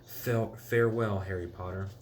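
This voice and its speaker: A man voicing an earnest, excitable little male house-elf while reading a storybook aloud. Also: normal speed, slight background noise, natural voice. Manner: shrill, fierce pleading.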